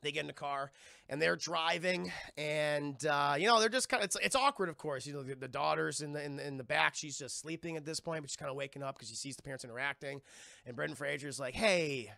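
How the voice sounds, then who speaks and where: A man's voice: fairly high pitch, creaky, bright, forceful tone, dry recording, clean studio sound. A man streaming a casual, profane recap of a TV episode, talking to his chat and acting out the characters' lines. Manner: profane, rambling, keeps addressing chat; acts out quoted lines in quick voices.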